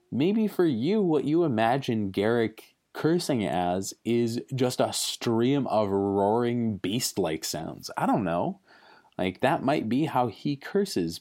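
A man's voice: lowish voice, a little mellow. A man hosting a podcast, talking casually and thoughtfully, with fillers and restarts. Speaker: podcast host.

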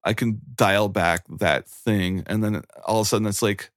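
Guest, man in his forties, deep voice, easygoing and earnest, rambles with lots of fillers. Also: fairly even intonation, normal speed, dry recording, studio quality. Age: 40s. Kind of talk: casual chat.

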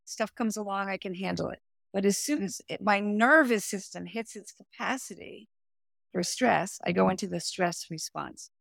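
Woman, middle-aged, coach in a podcast interview, explanatory, animated, gravelly voice. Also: mid-range voice, normal speed, no echo, clean studio sound. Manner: animated, explanatory, talks with her hands. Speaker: executive performance coach and therapist. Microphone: remote audio, no camera.

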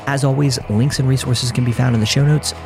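A man hosting a podcast in casual chat, relaxed and saying "you know" often. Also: medium pitch, brisk, music in the background. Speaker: podcast host.

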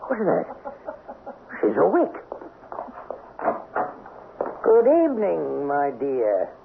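Brief: jealous count, wildly swooping voice, thin old radio sound. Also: male voice, on the high side, huge pitch swings, slow pace, vocal fry, noisy background, heavily acted. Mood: suspicious. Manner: blustering, sarcastic. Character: suspicious, imperious nobleman husband. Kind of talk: 1970s radio drama acting. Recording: tinny old radio broadcast.

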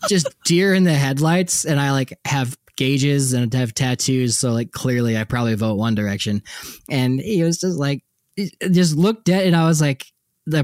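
A young man co-hosting a podcast, telling stories in a casual, animated way with lots of laughter. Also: no room sound, studio quality. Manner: animated, laughing, frequent likes and jumpy pitch. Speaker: podcast co-host. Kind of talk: casual storytelling chat.

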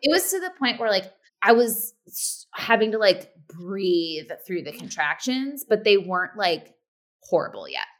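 A woman in her thirties, a podcast co-host chatting casually and acting out quoted lines with sudden pitch jumps. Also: very animated, measured pace. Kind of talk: casual chat.

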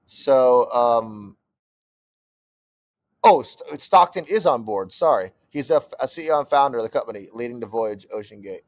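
A man's voice: medium pitch, lively intonation, moderate pace, a little mellow. A young man co-hosting a podcast, chatting casually and breaking into profane, exasperated rants. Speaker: podcast co-host. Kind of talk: casual chat.

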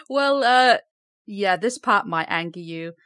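A woman hosting a casual podcast, upbeat and quick to giggle as she reads out facts. Her voice sits at a middle pitch. The recording is dry and close. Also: animated, fairly bright tone, clear, resonant tone, no room sound. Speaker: podcast host. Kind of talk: casual chat presenting facts.

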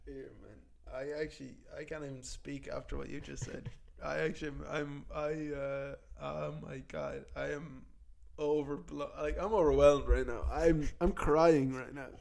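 Podcast guy, gravelly and kinda high, laughing and swearing a lot. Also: level tone, normal speed, a little mellow. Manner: joking, laughing, profane. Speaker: podcast co-host. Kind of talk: casual banter.

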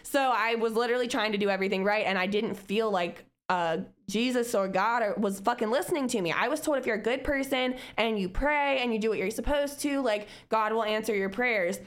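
A woman's voice: fairly high pitch, fairly quick, few pauses. A young woman co-hosting a podcast, speaking candidly in casual chat, swearing freely and acting out her past self with laughs. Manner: candid and profane, laughs between remarks; lively, acts out her past self in quotes. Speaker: podcast co-host.

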